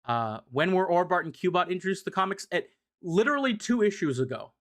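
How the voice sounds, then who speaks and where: A man's voice: high-pitched, big pitch swings, fast talker, fairly bright tone. A young man casually recapping comic issues on a livestream, rambling with fillers and the odd swear. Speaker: streamer explaining comics.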